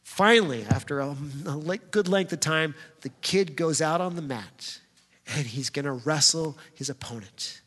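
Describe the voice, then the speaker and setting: Male pastor, high voice, chatty storytelling sermon, long hall echo. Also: normal speed, fairly bright tone, husky. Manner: conversational, storytelling, talks directly to the congregation.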